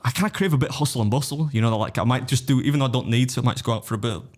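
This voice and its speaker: A man's voice: medium pitch, racing. Teasing man hosting a podcast. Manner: teasing, laughs often, rambling. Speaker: podcast host. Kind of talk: casual banter.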